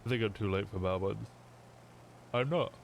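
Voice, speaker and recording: A man's voice: fairly low pitch, moderate pace, creaky, slight background noise. A man streaming a role-play game, chatting casually and reacting offhand to chat and the game.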